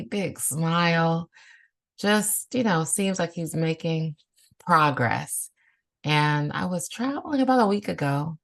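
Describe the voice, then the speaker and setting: A woman hosting a podcast, speaking in a calm, reflective and affirming way. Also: deep voice, gravelly. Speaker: podcast host. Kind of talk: casual conversational podcast.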